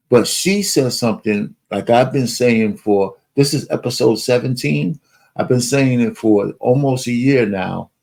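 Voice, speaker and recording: A man's voice: fairly low pitch, a little mellow. A man hosting a political podcast, commenting bluntly and emphatically between played clips. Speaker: podcast host.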